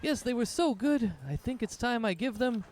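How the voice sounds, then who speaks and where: Man voicing a female wood elf, charmed, over-eager, high and gushing, tabletop game. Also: animated, moderate pace, darkish tone. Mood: entranced. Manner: breathless, over-eager praise with repeated "yes, yes".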